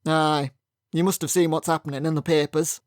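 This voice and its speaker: A man voicing a loud, blunt middle-aged factory owner with a booming Yorkshire accent. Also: flat delivery, brisk, no room sound, studio quality, close to an everyday voice. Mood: grumbling. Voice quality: booming, gruff. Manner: blunt and rude.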